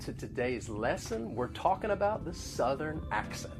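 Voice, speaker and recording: A man teaching an online lesson about accents, explaining step by step in a clear, friendly manner. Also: a little high, very animated, moderate pace, over music.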